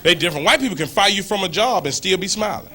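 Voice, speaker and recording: High-voiced man doing punchy stand-up. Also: lively intonation, fast talker. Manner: punchy, shouting punchlines, acting out quotes. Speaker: stand-up comedian. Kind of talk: stand-up comedy set. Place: comedy club stage. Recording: live club recording, loud crowd and noise. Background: loud audience laughter.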